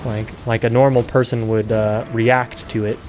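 A man's voice: mid-range voice, flat delivery, normal speed. A young man streaming a game, rambling casually and swearing while he plays. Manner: swearing, rambling, gets loud and exasperated. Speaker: gaming streamer.

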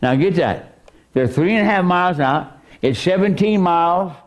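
Animated preaching man with lively pitch. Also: normal speed, lo-fi sound. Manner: animated preaching, voice surging high for emphasis. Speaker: pastor. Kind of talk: sermon. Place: church.

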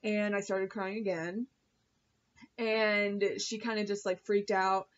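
A woman's voice: mid-range voice, flat delivery, slow pace, lo-fi sound. A woman vlogger reviewing a TV episode in a chatty, gushing way, full of fillers and swearing. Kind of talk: casual chat.

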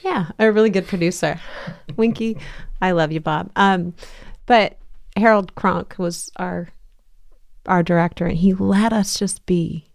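A woman's voice: on the low side, unhurried, creaky, no room sound, clean studio sound. A woman hosting a casual podcast interview, bubbly and gushing, laughing often. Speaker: podcast host.

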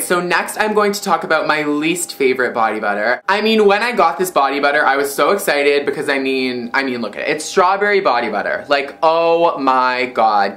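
Bubbly, bright-voiced young woman vlogging. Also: low voice. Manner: bubbly, chatty, giggly, heavy use of "like". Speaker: beauty vlogger. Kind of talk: casual product review vlog.

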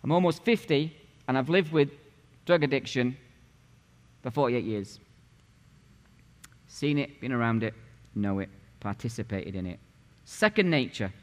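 A man's voice: medium pitch, lively intonation, a little slow, long pauses. A man in his late forties preaching a sermon as pastor, punchy and conversational, firing rhetorical questions at the congregation. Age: 40s. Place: church sanctuary. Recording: long church reverb.

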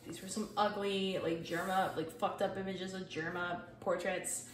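In a fairly low, rather flat voice at normal speed, a young woman walks through her sketchbook casually, rambling along with lots of profanity and self-deprecating jokes. Music plays in the echoey room, the mic is distant, and a faint hiss or hum is audible.

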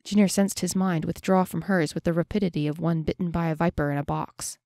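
A woman narrating a fantasy audiobook in a steady, measured way. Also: on the low side, gravelly, no room sound, clean studio sound.

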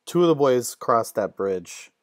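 A woman narrating a tabletop game as game master, halting with many fillers. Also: very deep voice, expressive, no echo.

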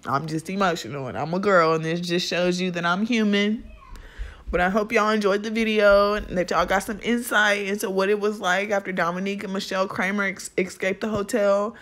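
A woman's voice: mid-range voice, steady tone, fairly quick, fairly bright tone. A woman hosting a vlog, tearful and emotional, talking informally and directly to her viewers. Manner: talks straight to viewers, informal. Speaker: video host. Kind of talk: casual vlog commentary.

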